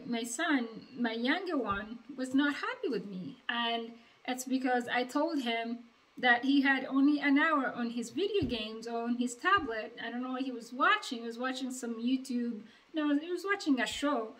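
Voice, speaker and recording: A woman talking straight to her viewers about raising her boys. Her voice sits a little high, and she retells home moments in a lively, chatty way, slipping into the voices of the people in the story. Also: rough recording. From Uganda. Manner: chatty, animated retelling with quoted dialogue. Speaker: vlogger, mother of two. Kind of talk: casual storytelling to camera.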